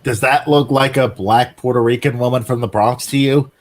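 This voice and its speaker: A man co-hosting a podcast, chatting casually and explaining things in halting bursts full of "uh" and "like". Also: mid-range voice, steady tone. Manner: halting, many fillers and restarts while explaining. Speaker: podcast co-host. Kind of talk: casual chat.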